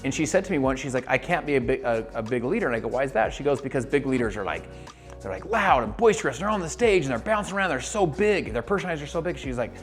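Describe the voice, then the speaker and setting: An energetic man coaches his viewers straight to camera, mid-pitched and fast-moving. He acts out the voices of the people in his stories. A faint bed of music plays under him. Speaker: network marketing coach. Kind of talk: motivational video talk.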